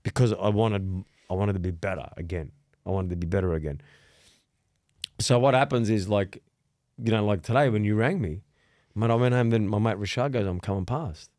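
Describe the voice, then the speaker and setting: A man's voice: on the low side, moderate pace, no room sound, clean studio sound. A man, host of a casual podcast chat, telling stories with lots of swearing and acted-out dialogue. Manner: animated storytelling, heavy swearing, acts out quoted dialogue.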